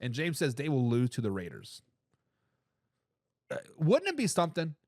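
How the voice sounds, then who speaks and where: A man hosting a live sports talk show, giving loud opinions on football and reading out viewer comments. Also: on the high side, moderate pace, no echo, clean studio sound. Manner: animated, opinionated, reads chat comments aloud.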